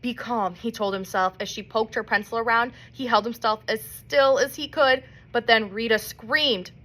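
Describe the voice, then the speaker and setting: A woman reading a children's novel aloud in an expressive storybook manner. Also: a little high, moderate pace. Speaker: reader.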